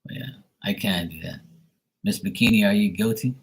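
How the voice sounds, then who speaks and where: A man's voice: lowish voice, normal speed, husky, low-quality recording. A man hosting a livestream, telling a rambling story in blunt, profane casual chat. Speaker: livestream host.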